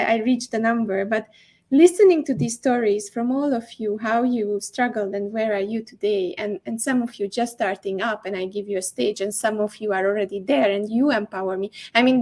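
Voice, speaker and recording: A woman's voice: on the high side, moderate pace, darkish tone. A woman hosting a live online summit, speaking with enthusiasm, frequent laughs and hesitant fillers. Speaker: summit host. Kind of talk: casual live chat.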